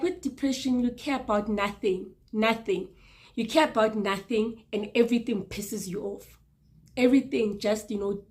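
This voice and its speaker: A woman in her thirties sharing a personal testimony in an earnest, halting way, with restarts and repeated words for emphasis. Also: mid-range voice, a little mellow. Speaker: vlogger sharing personal experience.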